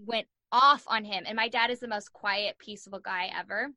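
A young woman in an interview telling a story in a casual, animated way, full of "like" fillers and acted-out quotes. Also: mid-range voice, moderate pace, no echo. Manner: animated, acts out quoted voices, many "like" fillers. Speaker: guest.

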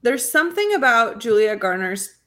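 Lively, teasing woman podcast co-host. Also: on the high side, moderate pace. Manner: dry, teasing quips. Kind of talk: casual chat.

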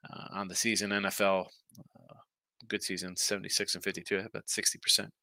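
A man's voice: low voice, little pitch movement, a little fast, bright, forceful tone, no room sound. A man hosting a casual sports betting picks show, talking in a rambling, trailing-off way while sleepy and yawning.

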